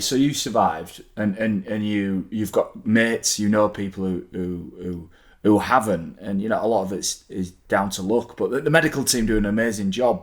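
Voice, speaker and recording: A man co-hosting a podcast, asking reassuring, somewhat halting questions in casual chat. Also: fairly low pitch. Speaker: podcast co-host.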